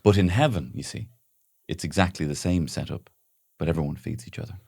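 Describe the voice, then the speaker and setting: Very deep-voiced Irish man. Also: fairly quick, vocal fry, a little mellow, breathy edge, no echo, studio quality. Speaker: podcast co-host. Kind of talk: casual comedic chat.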